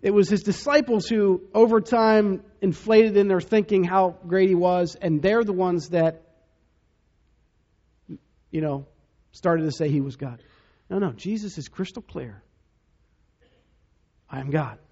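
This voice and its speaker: A man preaching a sermon as pastor, dramatic, dropping to a hush to stress key points. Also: sits high, measured pace, long pauses, muffled recording. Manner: dramatic, drops to a hush for emphasis.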